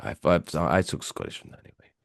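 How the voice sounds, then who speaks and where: A man co-hosting a podcast in casual, joking banter, his voice going hoarse. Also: fast talker, no echo, studio quality. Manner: rambling, joking, chatty. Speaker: podcast co-host.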